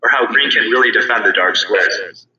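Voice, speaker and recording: Guy explaining chess openings, sharp bright voice, sounds far off in an echoey room. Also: on the low side, normal speed, muffled recording. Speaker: player being interviewed. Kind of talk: casual online chess analysis.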